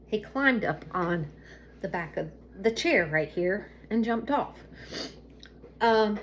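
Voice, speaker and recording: A woman's voice: mid-range voice, expressive, takes it slowly, a little hiss or hum. A middle-aged woman from Alabama with a Southern accent, chatting casually to viewers at home, rambling and easily sidetracked. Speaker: vlogger.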